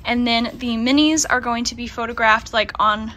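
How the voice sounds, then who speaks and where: A woman's voice: fairly high pitch, fairly even intonation, moderate pace, sharp tone. A woman giving a chatty vlog walkthrough of her craft studio, with lots of "um" and "like". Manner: chatty, with fillers like "um" and "like". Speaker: small business yarn dyer.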